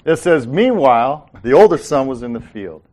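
A man leads a relaxed Bible study, mixing scripture with jokes and folksy asides. He acts out the characters' lines with a lively, conversational delivery. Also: medium pitch, moderate pace. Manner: folksy, joking, acts out quotes. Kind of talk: informal Bible teaching.

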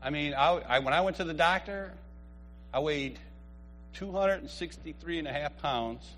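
A man in his fifties giving a humorous church testimony, an animated storyteller who laughs often. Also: on the high side, moderate pace, slight background noise.

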